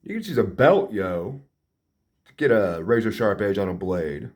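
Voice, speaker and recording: A man's voice: lowish voice, sing-song, normal speed. Dry, sarcastic man giving a home tour. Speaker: vlogger. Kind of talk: casual home tour narration.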